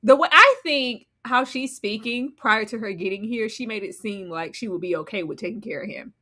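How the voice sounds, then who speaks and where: A woman's voice: fairly high pitch, normal speed, pushed and bright. A woman co-hosting a reality show recap, sassy and blunt, often slipping into mocking voices. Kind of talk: casual recap chat with a co-host.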